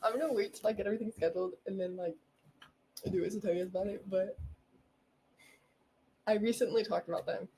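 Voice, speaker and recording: A woman's voice: mid-range voice, fairly even intonation, fairly quick, long pauses, mellow, husky, rough recording. A young woman hosting her own podcast alone, chatting in a bubbly, rambling way with lots of giggles. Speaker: podcast host. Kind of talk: casual solo podcast chat.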